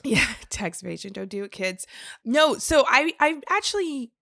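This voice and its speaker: Bright giggly woman podcast co-host. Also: sits high, normal speed, vocal fry, no echo, clean studio sound. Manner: giggly, animated, rambling. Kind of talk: casual chat.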